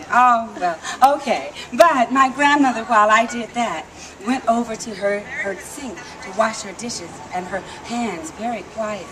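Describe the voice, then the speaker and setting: A woman telling a story live to an audience, lively and coaxing the crowd to call back. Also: fairly high pitch, measured pace. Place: outdoor theme park stage. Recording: noisy live outdoor recording.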